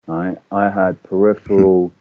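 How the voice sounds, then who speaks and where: A man in casual chat, telling stories with animated swearing and acting out quotes. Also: deep voice, unhurried, no echo. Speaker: podcast guest. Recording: dull lo-fi audio.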